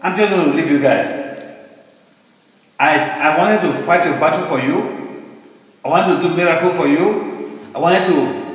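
A man's voice: a little high, unhurried, long pauses, close to an everyday voice. A preacher voicing God as a stern, disappointed male voice scolding his people, with indignant rhetorical questions, in a very echoey hall. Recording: very echoey church hall with long reverb.

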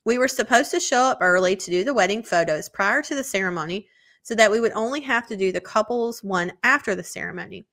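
This podcast co-host talks openly and curses without restraint while going through emails from listeners. Her medium-pitched voice sounds bright and forward, with some creak to it.

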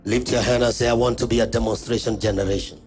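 A man's voice: fairly even intonation, fast, a little mellow, soft background music. A man with a Kenyan accent preaching at a church conference, calling out to the congregation and leading call-and-response. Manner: booming call-and-response preaching with sudden swings of pitch and volume. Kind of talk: sermon.

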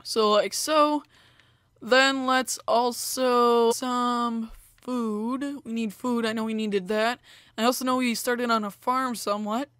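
A woman's voice: on the high side, fairly even intonation, takes it slowly, fairly bright tone, dry recording, studio quality. Chatty young woman narrating gameplay. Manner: chatty, rambling, many fillers like "like" and "you know". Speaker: gaming video host. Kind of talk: casual gameplay commentary.

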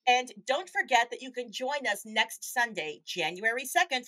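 Lively, bright-voiced woman co-host. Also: high-pitched. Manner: animated, quick bursts of enthusiasm. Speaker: podcast co-host. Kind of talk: casual chat.

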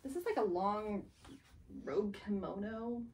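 A woman's voice: medium pitch, unhurried, darkish tone. A woman in her thirties chatting casually as she shows vintage clothes, telling stories and acting out voices. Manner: chatty storyteller, acts out voices. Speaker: shop co-host showing vintage clothes. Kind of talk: casual chat.

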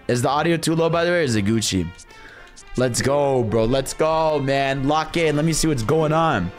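A young adult man giving excitable, slang-filled live commentary on a video game, talking to his chat. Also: medium pitch, a little fast, soft background music. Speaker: game streamer. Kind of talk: casual live gaming commentary.

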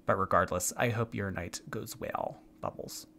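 A man's voice: on the low side, steady tone, moderate pace, creaky, bright, forceful tone, a little hiss or hum. A man hosting a reaction commentary, talking in a dry, mocking, teasing way. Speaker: commentary host.

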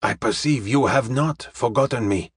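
A man voicing a polite, formal detective in an audiobook, speaking in measured, clipped phrases. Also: medium pitch, slightly rough, no echo, studio quality. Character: polite, formal middle-aged male detective. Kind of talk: audiobook character reading.

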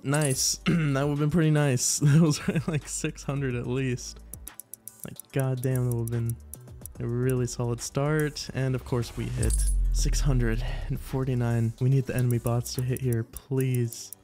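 A congested man giving casual, excitable live commentary while opening cases, swearing often and pleading with the screen. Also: medium pitch, a little slow, faint music behind. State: congested, stuffy nose. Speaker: gaming video creator.

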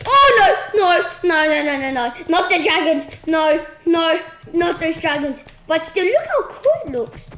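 A woman giving casual, excitable commentary while playing a game, shrieking at surprises. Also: extremely high pitch, a little slow, few pauses. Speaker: gaming channel host. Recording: echoey room with clear noise.

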